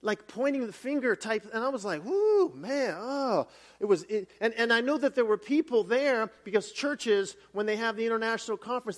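A male pastor giving a sermon, telling a story in an animated way with many restarts and fillers. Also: high voice.

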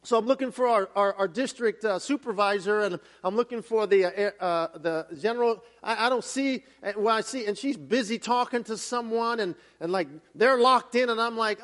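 A man preaching a sermon with a strikingly high voice. He tells his story in a lively, animated way, stumbling through restarts and fillers as he goes. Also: fairly quick. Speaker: pastor.

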